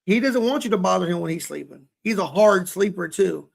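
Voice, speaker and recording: A man's voice: high voice, animated, fairly quick, gravelly. A young man co-hosting a podcast, talking candidly with a rambling, self-deprecating manner over a webcam at home. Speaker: podcast co-host. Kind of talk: casual chat. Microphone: webcam, set high.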